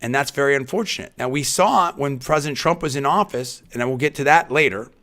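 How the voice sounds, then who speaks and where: A man's voice: medium pitch, fast, fairly bright tone. A man hosting a live talk radio show, speaking in a rambling monologue full of restarts and hedges, then punching key phrases with emphasis.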